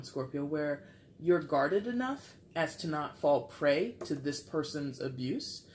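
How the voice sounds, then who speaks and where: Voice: medium pitch, darkish tone, a little hiss or hum. A tarot reader giving a casual reading, rambling and talking straight to the listener with frequent asides. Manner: rambling, self-interrupting, addresses the listener directly.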